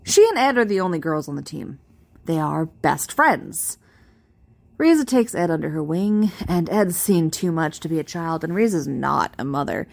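A woman casually reading a fan-written post aloud, amused and expressive. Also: deep voice, normal speed, creaky. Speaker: reader.

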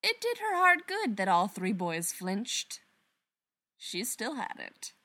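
A woman narrating a story aloud in an expressive storytelling manner. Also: on the high side, slow pace. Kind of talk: reading fan fiction aloud.

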